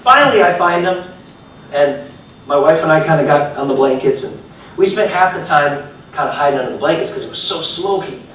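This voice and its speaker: Male motivational speaker, high voice, very roomy hall, mic at a distance, lively storytelling with repeated phrases. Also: brisk. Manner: animated storytelling, swings between loud bursts and quiet lines. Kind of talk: live inspirational talk. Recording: echoey hall from far off, faint noise.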